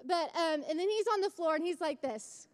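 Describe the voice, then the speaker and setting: A young woman with a very high voice gives a church message. She talks in a chatty, self-mocking way, then rises into fervent exhortation. It sounds like a live church service. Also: lively intonation, moderate pace, long reverb tail. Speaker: church speaker. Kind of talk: sermon with personal story.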